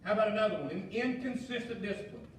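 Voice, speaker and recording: High-pitched preaching man in echoey church. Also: fast talker. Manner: preaching with shouted emphasis and folksy asides. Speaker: pastor. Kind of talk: fiery sermon. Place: church sanctuary. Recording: echoey church hall, mic far off, faint noise.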